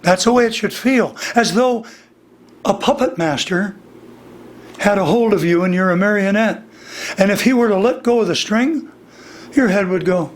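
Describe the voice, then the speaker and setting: An older man teaching singing in a slow, deliberate interview manner, his voice slightly worn. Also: high voice. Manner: demonstrates vocal registers, slow and deliberate. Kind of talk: instructional interview.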